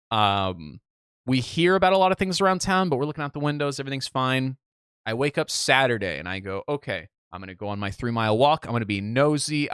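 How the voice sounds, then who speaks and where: A young man from the Midwest tells a rambling story on a casual podcast, cursing freely and acting out every line he quotes. His voice is smooth and resonant at a middle pitch. The sound is close and dry, with no room behind it. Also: no echo. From Midwest United States. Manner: animated storyteller, swears, acts out quotes. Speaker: podcast co-host.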